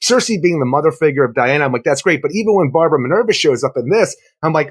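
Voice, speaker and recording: A man co-hosts a casual comic book review chat, talking quickly in a fairly high voice. He breaks in with short, dry one-liners. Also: expressive, slightly rough. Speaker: comic book podcast co-host.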